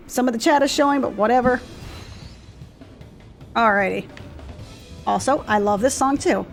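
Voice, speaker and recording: A woman's voice: fairly high pitch, normal speed, gravelly, long pauses. A woman streamer giving casual, chatty let's play commentary, swearing freely and sounding tired, over faint game music. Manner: chatty, swears a lot, says she is tired. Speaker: gameplay streamer.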